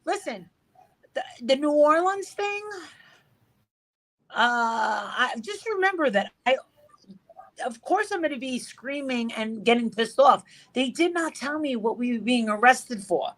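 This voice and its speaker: A middle-aged woman, appearing as an interview guest, chats casually in a high-pitched, expressive, fairly bright voice at an unhurried pace, on a rough recording. She swears freely and acts out the dialogue in her stories using reported speech.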